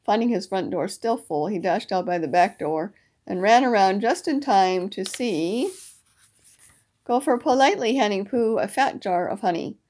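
A woman reading a children's storybook aloud. Her narration is even and steady, at a middle pitch. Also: normal speed.

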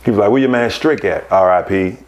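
A man, a podcast guest, telling casual stories, animated and laughing as he acts out other people's voices. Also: lowish voice, fairly quick. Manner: animated, laughs through his anecdotes. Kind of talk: casual storytelling.

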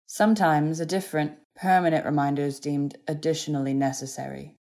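A cold, bitter young man, read by a woman in an audiobook, his words clipped and bland. Her voice stays low and unhurried. He sounds drained and resentful. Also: steady tone, warm tone.

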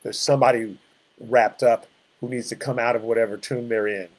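An older pastor in his sixties a man leads a relaxed Bible study at an average pitch. His talk is conversational and reflective, and it drifts into side remarks. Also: brisk. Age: 60s. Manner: conversational, reflective, rambling asides. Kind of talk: informal Bible study teaching.

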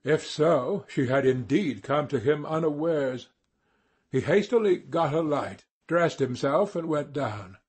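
A man narrating a classic novel as an audiobook, in a measured, even storytelling manner. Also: a little high, breathy edge.

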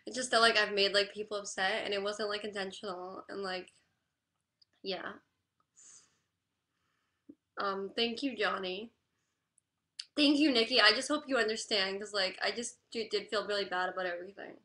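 A young woman crying through a livestream chat, halting and apologetic, with the word "like" in almost every phrase. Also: mid-range voice, fairly even intonation, sharp tone. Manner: halting, apologetic, full of "like" fillers.

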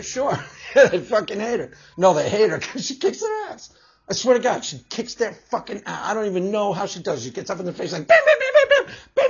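A man's voice: high voice, breathy edge. A man vlogging in a profane, mocking rant, swearing heavily and laughing often. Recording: dull lo-fi recording.

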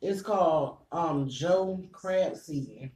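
A man's voice: on the high side, takes it slowly, darkish tone, reverberant. A man with a stuffy nose chatting casually to viewers while he eats at home, breathing a little hard between bites. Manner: chatty, eating between sentences, addresses viewers as y'all. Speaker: food vlogger. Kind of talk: casual eating vlog chat.

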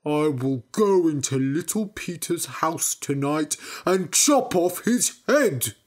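A woman reading a storybook aloud, voicing a dim-witted older brother who talks slowly. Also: low-pitched, expressive, darkish tone. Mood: dull. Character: dim, angry older brother, grown man.

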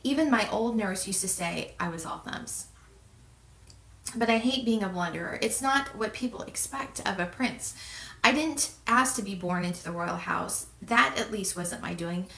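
A woman voicing an apologetic young male prince who speaks low and sadly, in a roomy, distant recording. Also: moderate pace, gravelly, pushed and bright. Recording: roomy echo, distant mic.

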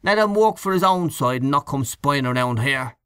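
A man's voice: mid-range voice, expressive, moderate pace, a bit bright, smooth, dry recording, clean studio sound, voice pushed up, close to an everyday voice. A man voicing a grumpy old caretaker in a storybook reading, grumbling and curt.

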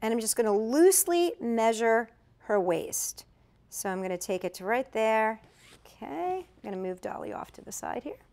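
A woman's voice: on the high side, sing-song, normal speed, a little mellow. A middle-aged woman giving a chatty step-by-step craft tutorial, correcting herself as she demonstrates. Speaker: craft instructor.

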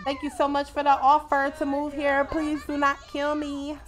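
Brash high-voiced young woman gamer. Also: monotone, normal speed. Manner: brash, profane, shouts at the game. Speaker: gaming video host. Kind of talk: casual let's-play commentary.

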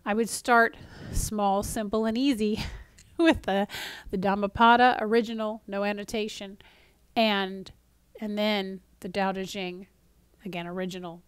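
A woman's voice: mid-range voice, clear, resonant tone, no echo. A woman giving a casual spiritual talk to camera. She is conversational, uses frequent fillers and restarts, and sometimes drops to a near-whisper for emphasis. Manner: mock-exasperated voice when acting out a frustrated reader. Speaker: spiritual teacher. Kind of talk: casual spoken teaching to camera.

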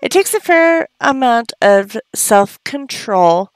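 A woman's voice: on the high side, sing-song, slow pace, smooth, no room sound. A woman giving casual gameplay commentary, chatty, often gasping and cooing at the game characters. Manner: gasps often. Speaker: let's play host.

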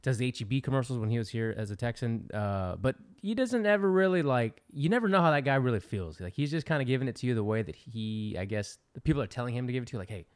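Fast-talking, rambling male co-host. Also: mid-range voice, animated, clean tone. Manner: rambling, restarts often. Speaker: podcast co-host. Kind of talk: casual podcast chat.

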